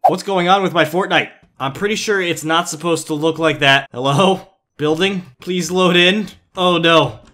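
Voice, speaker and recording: A young man giving goofy, pun-filled gameplay commentary as a gaming YouTuber, often jumping to excited yelps. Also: a little high, moderate pace.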